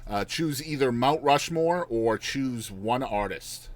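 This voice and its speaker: A man's voice: medium pitch, lively intonation, slow pace. Upbeat male podcast host. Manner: upbeat, encouraging interviewer. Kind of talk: casual interview.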